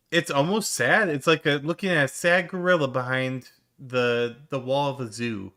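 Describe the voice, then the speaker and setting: A man's voice: mid-range voice, steady tone, moderate pace, few pauses, bright, forceful tone. A man giving sarcastic, mocking reaction commentary on a stream clip, swearing freely.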